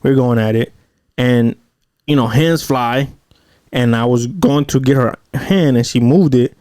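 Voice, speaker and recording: A man talks in a relaxed, rambling way, swearing freely and acting out what others said. His voice sits at a middle pitch. The sound is dry and close, with no room echo. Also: measured pace. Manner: rambling, profane, acts out quotes. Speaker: podcast host. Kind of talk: casual storytelling chat.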